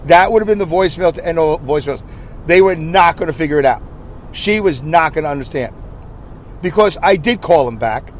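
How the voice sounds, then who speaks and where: Fifties guy ranting on his own podcast, kinda high voice, pokes fun at himself. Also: a little hiss or hum. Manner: self-deprecating, ranting, emotional asides. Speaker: podcast host. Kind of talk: rambling solo podcast monologue.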